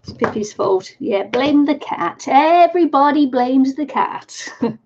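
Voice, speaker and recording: A woman's voice: high voice, animated, slow pace, a little mellow. A woman hosting a crafting livestream, chatting casually and laughing often as she reads viewer comments. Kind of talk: casual chat while crafting. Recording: dull lo-fi stream audio.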